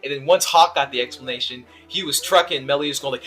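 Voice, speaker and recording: A young man giving a casual, rambling anime episode review, excitable and full of fillers and restarts. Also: on the high side, quick pace, faint music behind.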